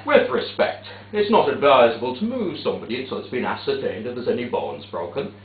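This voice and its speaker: A man's voice: mid-range voice, wildly swooping pitch, brisk, pitched below the performer's own voice. A man on stage playing a small, officious old man who speaks formally and properly. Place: theatre stage. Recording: echoey theatre, distant tinny capture.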